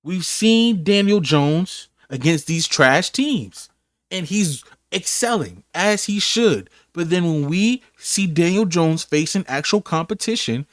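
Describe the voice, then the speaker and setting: A man's voice: sits high, no room sound, studio quality. A man doing a sports reaction rant, rattling off stats with whoops and rhetorical questions.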